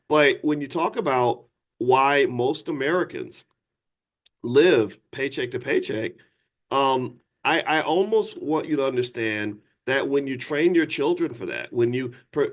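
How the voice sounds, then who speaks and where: A man's voice: mid-range voice, unhurried. A man in his fifties hosting a live talk, blunt and insistent, often restarting and asking viewers to respond. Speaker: host. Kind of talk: livestream talk to an audience.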